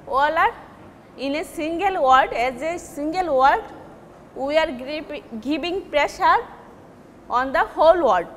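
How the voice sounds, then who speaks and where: Slow high-voiced Bangladeshi woman teacher. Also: lively intonation, fairly bright tone, long reverb tail, slight background noise. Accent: Bangladeshi English. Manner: slow, deliberate, repeats and stresses example words. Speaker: English teacher. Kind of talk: recorded lecture.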